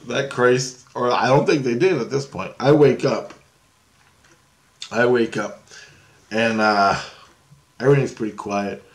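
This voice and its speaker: A man's voice: mid-range voice, unhurried, pauses often. A man with an ordinary mid-range voice spins a winding personal tale, stopping to correct himself and circling back. He laughs easily as he talks and keeps a loose, conversational flow. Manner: meandering, full of restarts and frequent laughter. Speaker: paranormal vlogger. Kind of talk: rambling personal storytelling.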